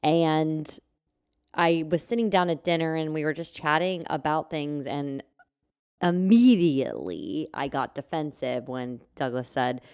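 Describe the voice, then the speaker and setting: A woman's voice: sits low, a little slow, darkish tone, clean tone. A young woman hosting her own podcast, talking casually and rambling with lots of "like" and "um". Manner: chatty and rambling, with frequent "like" and "um". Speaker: podcast host. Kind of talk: casual solo podcast chat.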